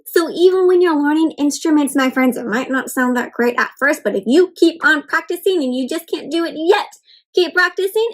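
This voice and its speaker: A woman reading a picture book aloud to children, pausing often to encourage them and ask them questions. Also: high-pitched. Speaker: children's storybook reader. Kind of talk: interactive read-aloud for kids.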